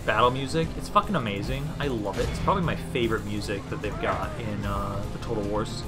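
A man's voice: on the low side, fast. A young man from Minnesota live-streaming a strategy game, chatting casually with viewers and cursing now and then. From Minnesota, USA. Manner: chatty and laid-back, swears casually, talks to chat and units. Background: game battle music.

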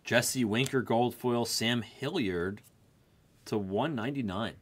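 A man's voice: mid-range voice, slow pace, slightly rough. A man hosting a sports card break, rattling off player names and card types while chatting with viewers. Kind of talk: live card break call-outs.

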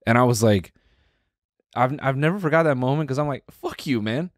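A man's voice: medium pitch, a little fast, no echo, studio quality. A man co-hosting a podcast who tells stories in a slangy, profane, casual way. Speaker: podcast co-host. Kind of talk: casual chat.

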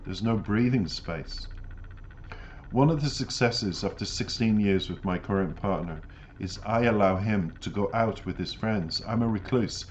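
A man hosts a music reaction channel in a fairly low, slightly slow voice, offering reflective commentary along with earnest, emphatic life advice. The recording is dull lo-fi audio with faint noise.

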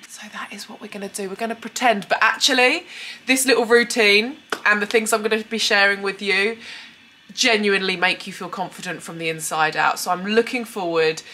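A woman's voice: medium pitch, steady tone, normal speed, bright, forceful tone. A young British woman chatting candidly to camera at home, emotional and a little tearful. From United Kingdom. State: tearful, runny nose. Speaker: beauty vlogger. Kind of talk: casual chat to camera. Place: at home, indoors.

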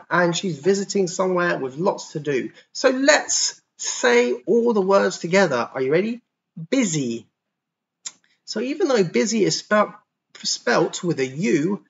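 A man teaching English to young children online, explaining words patiently and sounding them out slowly and clearly. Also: sits high, a bit bright, lo-fi sound. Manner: patient, slow, over-articulated pronunciation demos. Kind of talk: online class for kids.

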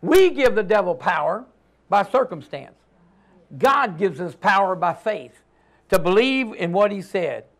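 A man preaching a sermon as pastor, emphatic, swinging between loud declarations and hushed lines and calling on the congregation to repeat after him. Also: high-pitched, lively intonation, unhurried.

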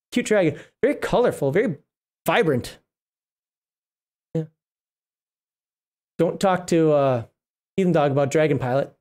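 A man's voice: a little high, darkish tone. A middle-aged man hosting a casual livestream, reading rules aloud and rambling, often breaking off mid-word. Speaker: livestream host reviewing a tabletop RPG book.

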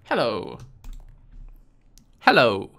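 Lively bright-voiced British man, sarcastic. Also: medium pitch, very slow, gravelly. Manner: sarcastic and exasperated, talking back at the game. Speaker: gaming video host. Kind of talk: casual gameplay commentary.

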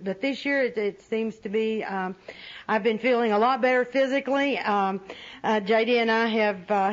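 Woman speaker at a meeting, high voice, laughing at herself, muffled old tape w/ faint crowd. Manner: humorous, self-mocking, laughs often while telling. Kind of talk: personal storytelling to a meeting. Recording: dull lo-fi recording with faint audience.

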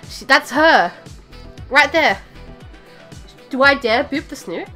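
A woman streamer talks casually from her home desk mic, her voice sitting a little high. She rambles and gets sidetracked, full of fillers and restarts, with soft music playing faintly behind her. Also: expressive, takes it slowly. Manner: chatty, easily distracted, rambling with fillers and restarts. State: out of breath. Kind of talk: casual live-stream chat.

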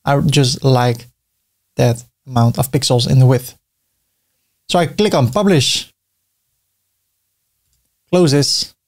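A web design tutor walks through a website builder step by step in a screen-recorded tutorial, thinking aloud as he clicks and pausing now and then with fillers. His voice is mid-range with a darkish tone.

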